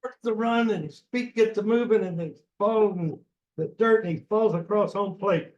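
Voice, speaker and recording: A man's voice: high voice, moderate pace, highs cut off. A man telling a folksy, easygoing story to a small group at a club meeting. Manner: folksy storytelling, says y'all. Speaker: chapter member. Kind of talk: casual anecdote to a small group. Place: restaurant meeting room.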